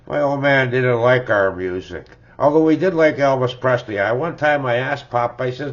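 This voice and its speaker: A man's voice: medium pitch, measured pace. An older man, chatting casually and chuckling as he rambles through the records he loves, tagging his sentences with "eh?". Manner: rambling, chuckling, tags lines with "eh?". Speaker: music collector vlogger. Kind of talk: casual reminiscing about records. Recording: dull lo-fi home recording.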